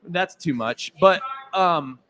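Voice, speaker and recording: A man's voice: fairly high pitch, slow, a loud crowd. A man co-hosting a live charity stream, joking and keeping the show moving. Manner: jokey, animated, hosting. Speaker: co-host. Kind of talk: casual live-stream banter. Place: event venue with live audience.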